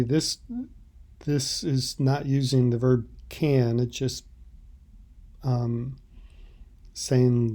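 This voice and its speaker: A man teaching Italian, explaining subtitle translations in a halting, thoughtful way. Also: mid-range voice, fairly even intonation, mellow.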